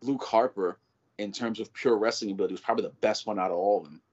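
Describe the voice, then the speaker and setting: Co-host type: a man with a lowish voice, excitable and profane, tripping over his own restarts, on a muffled low-fi recording. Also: fast. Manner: animated, profane, rambling with many restarts. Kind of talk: casual chat. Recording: dull lo-fi audio.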